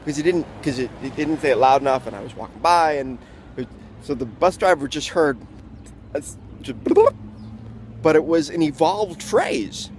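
A man telling a casual story in an animated way, often breaking off and restarting his sentences. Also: medium pitch, normal speed, slight background noise. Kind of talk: casual anecdote.

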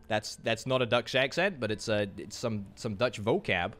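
A man's voice: mid-range voice, animated, fairly bright tone, faint music behind. A man with a Scottish accent, streaming a game and joking back at viewer chat in a casual way. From Scotland. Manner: chatty, answering viewer chat with quick joking replies. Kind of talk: casual livestream chat while gaming.

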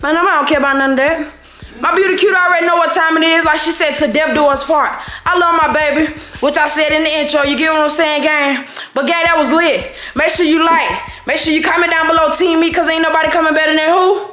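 A woman vlogger, out of breath, excitedly hyping her viewers in slangy talk. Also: high voice, fast talker, echoey room, soft background music. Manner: hyped, slangy, shouting to viewers. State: out of breath, sweating. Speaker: vlogger pulling a prank. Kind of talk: excited vlog outro.

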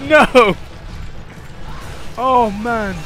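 Giggly high-voiced man over game music. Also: drawn-out words. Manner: giggly, keeps breaking into laughter. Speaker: gameplay video host. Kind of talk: casual gameplay commentary.

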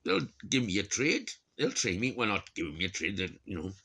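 A low, gravelly Welsh man in middle age rants on his own, swearing freely. His voice swings widely, leaping up high in scornful bursts before dropping back down. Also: very animated, a little fast, pushed and bright. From Wales. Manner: swearing, exasperated, bursts of high mocking pitch. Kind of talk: solo rant to camera.

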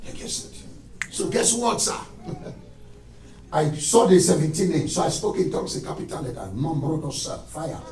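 A man preaching an animated sermon as pastor, swinging between shouted lines and low asides. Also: moderate pace, long pauses. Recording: echoey church hall from far off, with music.

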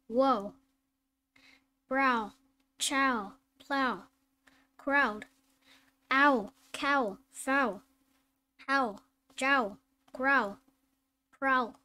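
Slow, careful high-voiced woman reading. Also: bright, forceful tone, slight background noise. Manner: slow, deliberate word-by-word reading. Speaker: phonics teacher. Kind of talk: reading aloud phonics drills.

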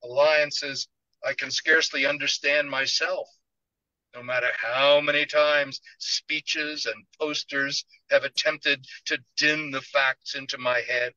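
A man, an author, reading his novel aloud in measured first-person literary narration. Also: mid-range voice, level tone, bright, forceful tone, no echo, lo-fi sound.

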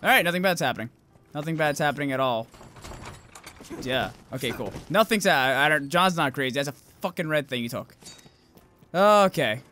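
Excitable, swearing young man gaming. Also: a little high, normal speed, long pauses, slight background noise. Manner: loud outbursts, heavy swearing, self-mocking asides. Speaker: gameplay commentator. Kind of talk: swearing, excitable let's-play commentary.

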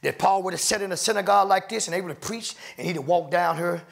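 A man preaching in a church with a high, gravelly voice. He preaches with fervent rhythm, laughs between phrases and climbs into shouts. His sermon rolls along with repeated refrains. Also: fast. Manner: fervent call-and-response preaching, breaks into laughs, swells to shouts. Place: church sanctuary.

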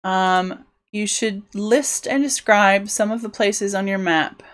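A British woman with a medium-pitched voice speaks slowly on a casual livestream. She builds a tabletop game world while thinking aloud, rambling and cutting herself off.

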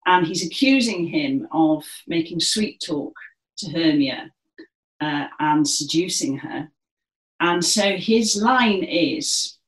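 Woman, dance class leader, encouraging, theatrical projection, slow-paced, roomy echo. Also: low-pitched, expressive. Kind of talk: guided movement class instruction. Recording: echoey room.

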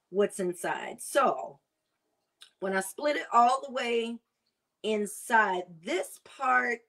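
A woman food vlogger chatting casually while she prepares and tastes seafood, savoring and drawn-out in her talk. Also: medium pitch. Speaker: cooking vlogger. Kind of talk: casual chat while cooking.

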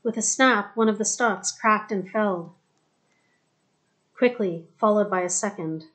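A woman narrating an audiobook in a steady, even storytelling manner. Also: medium pitch, measured pace. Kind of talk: scripted narration.

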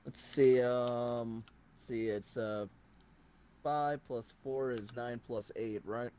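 A man's voice: mid-range voice, steady tone, slow, warm tone, slight background noise. A young man playing in a tabletop game, explaining in a rambling, hesitant way. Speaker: player. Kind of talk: casual tabletop play.

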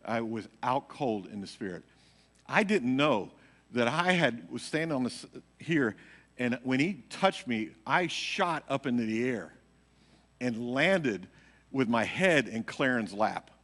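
Bright-voiced pastor in an echoing church. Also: male voice, medium pitch, measured pace. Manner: animated, acts out quotes, laughs at own story. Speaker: pastor teaching a midweek Bible study. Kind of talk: casual storytelling sermon. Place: church sanctuary. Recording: hall reverb, live church recording.

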